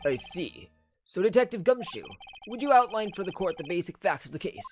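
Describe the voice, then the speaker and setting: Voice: mid-range voice, expressive, brisk, faint music behind, lightly acted. A player voicing a stern, fussy elderly male judge in a game, speaking formally. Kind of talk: reading game dialogue aloud.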